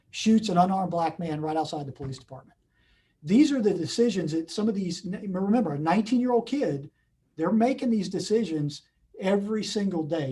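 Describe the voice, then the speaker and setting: A man's voice: sits high, warm tone, slightly rough. Earnest man on a video call. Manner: earnest, many restarts and repeats. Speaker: police chief, guest speaker. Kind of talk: unscripted storytelling at a community meeting. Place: his office.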